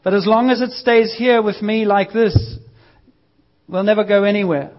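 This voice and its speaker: A man preaching a sermon in a church, lively and using a prop as a visual aid. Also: high-pitched, moderate pace, highs cut off.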